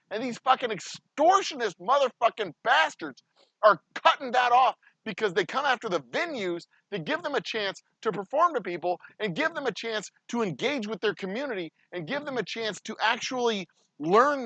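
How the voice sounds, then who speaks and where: Man, distillery vlogger, high and lively, heavy swearing, rambling rants. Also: breathy edge, no room sound. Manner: profane, ranting, heated. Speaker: distillery owner. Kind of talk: casual behind-the-scenes vlog talk.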